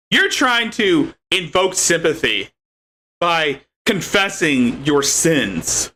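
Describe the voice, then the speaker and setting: A man's voice: fairly high pitch, big pitch swings, slow, pushed and bright. A man hosting a live commentary show, talking in a sarcastic, scornful and rambling way. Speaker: commentary host.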